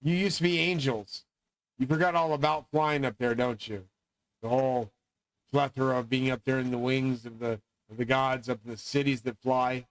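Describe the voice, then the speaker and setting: A man's voice: medium pitch, steady tone, normal speed, no echo, rough recording. A middle-aged man delivering a rambling, profane, grandiose monologue as host of his own channel.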